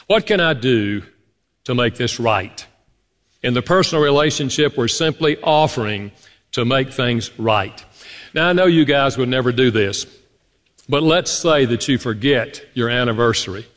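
Preaching man in a reverberant hall. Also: medium pitch. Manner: storytelling preacher, animated, addresses congregation as folks. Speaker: pastor. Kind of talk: sermon. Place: church sanctuary.

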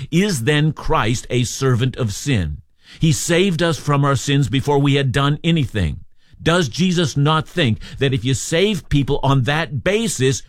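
A man's voice: mid-range voice, no room sound, studio quality. A man preaching an expository sermon, reading scripture and explaining it with emphatic rhetorical questions.

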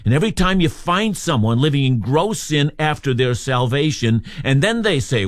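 A man's voice: on the high side, big pitch swings, dry recording, clean studio sound. Emphatic man preaching a Bible text. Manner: measured, emphatic expository delivery. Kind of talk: radio Bible teaching.

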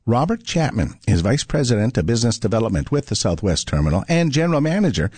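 Male radio host, morning show, lively pitch, dry close mic. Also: fast talker, breathy edge, no echo. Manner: upbeat, lively delivery. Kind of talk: morning radio news and chat.

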